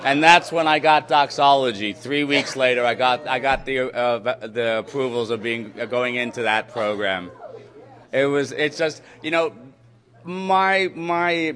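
A man in a mid-range voice tells a personal story to an audience with humor and energy. He swings between loud, excited bursts and quiet, reflective asides. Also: medium pitch.

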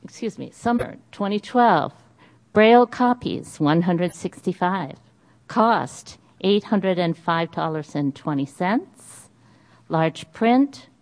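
A woman's voice: lowish voice, darkish tone. A woman with a Boston accent carefully reading budget figures aloud at a meeting, with small hesitations.

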